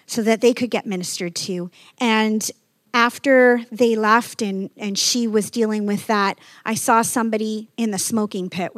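A woman's voice: medium pitch, no echo. A woman pastor preaching a sermon, telling stories in a conversational way and reading scripture with emphasis.

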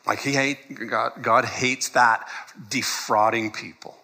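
A man's voice: medium pitch, fairly even intonation, slow pace, bright, forceful tone. A man preaching a sermon in a conversational way, laughing often and acting out quoted lines. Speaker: pastor.

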